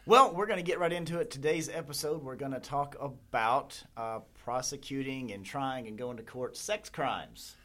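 A man's voice: mid-range voice, normal speed, few pauses, bright, forceful tone. A man hosting a podcast in an easygoing, dry-joking manner. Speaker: podcast host. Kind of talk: casual podcast chat.

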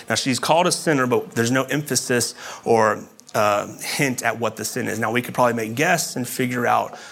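A man's voice: mid-range voice, creaky, a bit bright. A man giving a sermon as a pastor, explaining scripture in a conversational way with casual asides.

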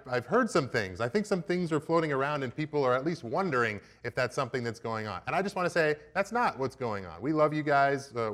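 A young man addresses his church congregation in a relaxed, joking tone, speaking plainly and directly. His voice sits at an ordinary middle pitch, neither deep nor high. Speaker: preaching minister. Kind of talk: casual sermon announcements. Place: church sanctuary.

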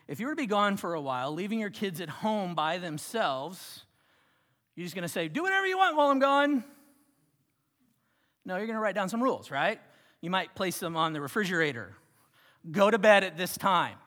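A male pastor delivers a sermon in a church sanctuary, pushing his voice up for emphasis and then dropping it to a hushed, near-whispered hush. His voice sits a touch higher than most men's. A long hall reverb trails each phrase.

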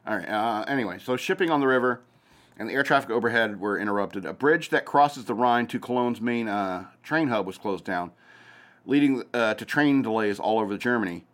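A man's voice: fairly low pitch, expressive, fairly quick, a bit bright. A man hosting a casual news commentary show, reading headlines aloud with hesitant fillers and breaking off into sarcastic asides. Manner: hesitant, many fillers and restarts while reading.

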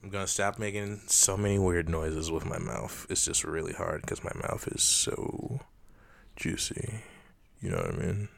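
Low-voiced joking male podcast co-host. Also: animated, measured pace, gravelly. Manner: joking, crude banter. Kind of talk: casual chat.

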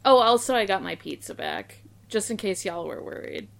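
A woman's voice: mid-range voice, wildly swooping pitch, moderate pace, vocal fry. A woman player on a tabletop game podcast, chatting in a playful way. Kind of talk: casual podcast banter.

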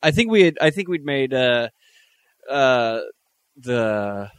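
A man's voice: medium pitch, sing-song, slow pace, smooth, no echo, studio quality. A man co-hosting a podcast in casual chat, hesitant and full of ums and uhs. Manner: hesitant, plenty of ums and uhs, laughs easily. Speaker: podcast co-host.

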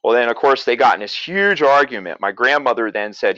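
A man's voice: mid-range voice, brisk, hardly any pauses, pushed and bright, no echo, highs cut off. A man from Pennsylvania telling a family story in a casual, rambling way, with chuckles and self-corrections. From south-central Pennsylvania.

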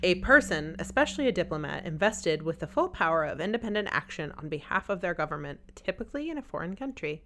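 A woman's voice: lowish voice, very animated, fast talker, hardly any pauses, bright, forceful tone. A woman co-hosting a casual podcast who drops in dry jokes and short reactions. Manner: dry joking interjections. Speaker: podcast co-host. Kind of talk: casual chat.

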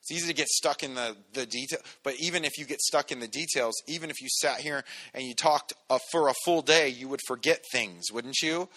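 A man's voice: medium pitch, brisk, hardly any pauses, sharp tone. A man preaching a sermon as pastor, teaching through a scripture passage in a casual way with joking asides and frequent restarts. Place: church sanctuary.

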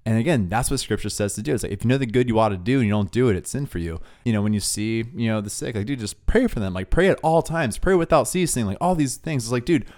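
A man's voice: mid-range voice, lively intonation, fast talker, few pauses, a little mellow. Chill young guy talking about faith, tons of "dude" and "like", mid voice. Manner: laid-back, says "dude" and "like" a lot. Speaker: podcast co-host. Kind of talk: casual faith talk, storytelling.

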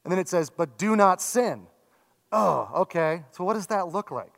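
A man in his thirties or forties, a pastor giving a sermon in a conversational, self-deprecating way with animated asides. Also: sits high, moderate pace, gravelly. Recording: long reverb from a large hall.

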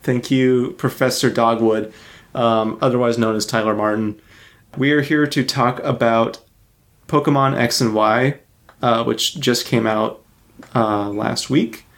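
Male podcast host, mid-pitched, loose and joking, casual chat with fillers. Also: steady tone, measured pace, a bit bright.

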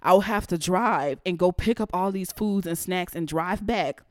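A young adult woman hosting her own podcast, telling stories of work in a blunt, profane, animated way. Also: on the low side, normal speed, no echo, studio quality. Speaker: podcast host. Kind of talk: casual storytelling rant.

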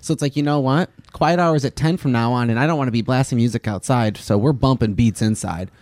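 A man's voice: medium pitch, a little fast, a little mellow, no room sound, studio quality. A young man co-hosting a podcast, telling a story in a laid-back, casual way, full of "dude" and "yep". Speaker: podcast co-host.

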